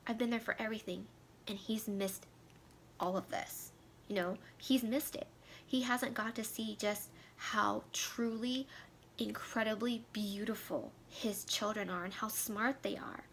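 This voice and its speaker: Woman in her thirties, tearful, heartfelt personal talk; gravelly, fry-edged voice at a middle pitch, soft hiss behind. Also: fairly even intonation, a little slow. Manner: emotional, heartfelt, voice dropping to a near whisper at times. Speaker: vlogger. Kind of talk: candid personal talk to camera.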